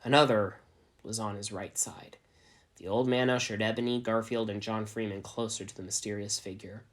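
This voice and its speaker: Deadpan man reading a story aloud. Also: lowish voice, moderate pace. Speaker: narrator. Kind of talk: dramatic reading of fan fiction.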